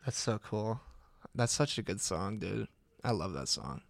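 A man's voice: fairly low pitch, sing-song, measured pace, gravelly, dry recording, studio quality. A man co-hosting a podcast in casual chat, playful and teasing. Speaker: podcast co-host.

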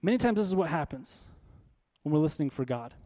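A man's voice: fairly high pitch, lively intonation, fast talker, warm tone. A man preaching a sermon as pastor, in a conversational, emphatic style full of rhetorical questions.

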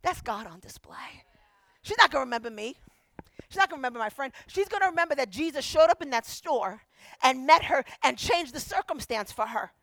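A woman pastor preaching a sermon, telling a story with animated quoted voices and emphatic repetition. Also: high-pitched, quick pace, creaky, no room sound.

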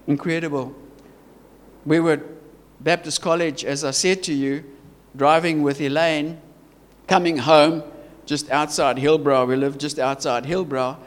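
High-voiced South African preacher. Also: male voice, fairly even intonation, unhurried, long pauses, big-room sound. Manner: earnest, emphatic, stumbling restarts and repetition. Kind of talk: sermon.

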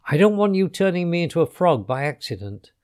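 A man voicing a plucky young boy who speaks in a brisk, cheeky way. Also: on the high side, big pitch swings, darkish tone. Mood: determined.

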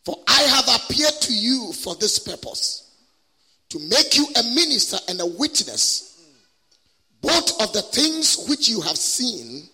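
This guest preacher's high, bright, slightly rough voice swings widely from phrase to phrase. He stretches his words slowly with great passion during a sermon with prayer and call-and-response, and long reverb fills the large church hall.

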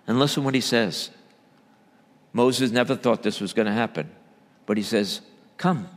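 Man preaching in a reverberant hall. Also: moderate pace. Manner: swings between loud emphatic bursts and low quiet asides. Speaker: church elder preaching. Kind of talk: sermon.

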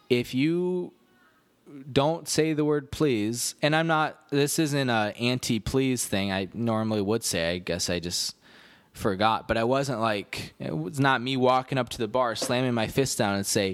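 A man's voice: mid-range voice, no room sound. A man hosting a podcast, telling a story in a rambling, self-deprecating way with lots of restarts. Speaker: podcast host. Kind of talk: casual storytelling monologue.

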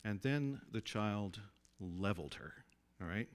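An animated pastor preaches a sermon conversationally, at a slightly slow pace. He often asks listeners to agree and drops his voice low and soft to emphasize points.

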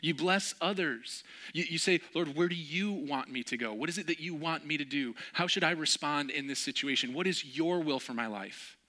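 A man's voice: a little high, moderate pace, pushed and bright. A man preaching a sermon in a conversational way, telling personal stories and acting out the voices of the people in them. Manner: conversational, acts out friends' voices in stories, laughs often. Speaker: pastor.

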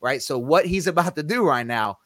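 A man's voice: fairly high pitch, lively intonation, normal speed, fairly bright tone. A man hosting a podcast Bible study, explaining scripture in a casual, conversational way and leaning hard on quoted verses. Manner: conversational, self-correcting, emphatic on scripture quotes.

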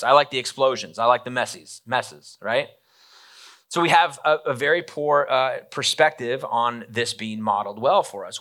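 Brief: male pastor, bright forceful tone, chatty sermon delivery that acts out quoted lines. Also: medium pitch.

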